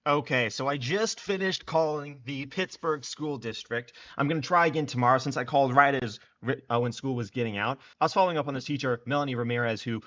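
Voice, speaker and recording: A man's voice: mid-range voice, brisk, few pauses, a bit bright. A young man giving scornful, sarcastic political commentary. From United States. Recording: dull lo-fi recording.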